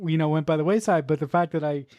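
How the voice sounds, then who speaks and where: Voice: mid-range voice, fast, darkish tone, no echo, highs cut off. A podcast co-host giving blunt, emphatic opinions in casual chat, swearing freely and repeating words. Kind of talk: casual movie review chat.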